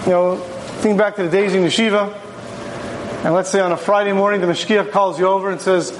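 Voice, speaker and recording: A man's voice: high voice, fairly even intonation, brisk, slight background noise. A man, a rabbi, giving a conversational Torah class, telling stories and posing rhetorical questions. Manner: storytelling, poses rhetorical questions. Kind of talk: conversational religious lecture.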